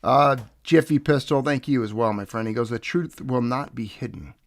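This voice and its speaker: A man's voice: mid-range voice, moderate pace, creaky, dry recording. A man hosting a casual livestream, rambling and greeting viewers by name, sounding stuffed up from nasal congestion. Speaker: livestream host.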